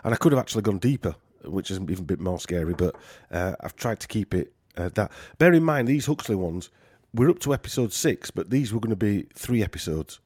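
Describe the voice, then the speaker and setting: Rambling Yorkshire man, lowish dry voice. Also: lively intonation, fairly quick, hardly any pauses, darkish tone, husky, no room sound. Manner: rambling, joking, many fillers. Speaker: podcast host. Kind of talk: casual podcast chat.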